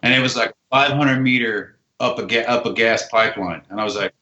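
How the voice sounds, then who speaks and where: An American army veteran appearing as a guest tells a story casually, acting out dialogue and swearing freely. His voice is lowish, a little fast, and sharp, and the recording sounds roomy, dull, and lo-fi.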